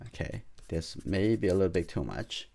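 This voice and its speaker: A man whose first language is Chinese, calmly talking through a charcoal drawing demonstration as an art teacher, thinking aloud as he works. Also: sits low, normal speed, vocal fry. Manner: calm, thinking aloud while drawing, non-native phrasing.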